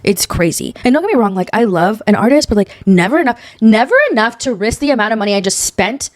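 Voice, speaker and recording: A woman's voice: mid-range voice, animated, quick pace, darkish tone, dry recording. A young woman co-hosting a podcast, chatting casually and animatedly, swearing freely as she dishes gossip. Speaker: podcast co-host. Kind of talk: casual chat.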